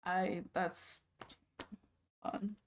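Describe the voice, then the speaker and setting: A woman's voice: fairly low pitch, little pitch movement, extremely slow, slight background noise. Playful woman streamer chatting with viewers. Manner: playful, chatty, easily sidetracked, often laughing. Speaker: livestreamer. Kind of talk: casual chat with live viewers.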